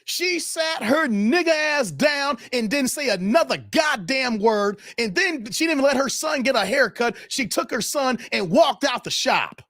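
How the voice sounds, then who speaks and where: A man tells a story to his viewers in a loose, profane rant. His fairly high voice leaps up and down with lively expression. The sound is close and dry, with no room echo. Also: unhurried, hardly any pauses. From Chicago, USA. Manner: animated, profane, talks straight to viewers. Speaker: YouTube commentator.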